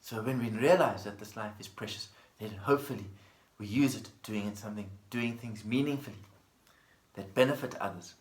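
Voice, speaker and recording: A man teaching a dharma talk as a Buddhist teacher, speaking gently in a storytelling manner and repeating plain phrases. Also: lowish voice, brisk. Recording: echoey room.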